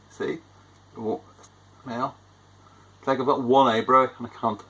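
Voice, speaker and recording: A man's voice: medium pitch, little pitch movement, measured pace, long pauses, bright, forceful tone, poor audio. A man chatting casually through a home-brewing vlog, rambling and poking fun at himself. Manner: chatty, rambling, self-deprecating. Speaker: homebrewer.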